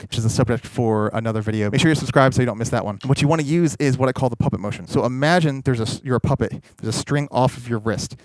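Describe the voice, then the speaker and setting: A man teaching drum technique in a casual, explanatory way, pausing to demonstrate strokes as he talks. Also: mid-range voice, a little mellow, no room sound. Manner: explanatory, demonstrating while talking. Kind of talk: instructional video. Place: recording studio with drum kit. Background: drum playing.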